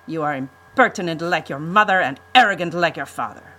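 A woman's voice: low voice, fairly quick, sharp tone, rough recording. A woman putting on a scornful villainous count. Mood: commanding. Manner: commanding, scornful. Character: domineering villainous count, adult man, harsh.

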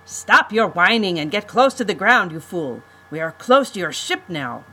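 A woman's voice: on the low side, very animated, normal speed, sharp tone, a little hiss or hum, rough recording. A woman reading a storybook aloud, voicing a domineering villainous count with scornful, commanding speech. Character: domineering villainous count, adult man, harsh.

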